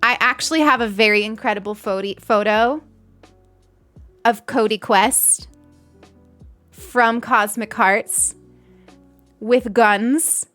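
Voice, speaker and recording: A woman's voice: a little high, slow, long pauses, fairly bright tone, soft background music. A young adult woman streamer chatting casually and giggling as she thanks donors on a live stream.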